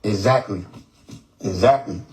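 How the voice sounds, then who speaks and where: A man hosts a casual livestream from his phone, joking, swearing, and repeating words to imitate how people pronounce them. His voice is lowish, a little slow and mellow, and the recording is low quality.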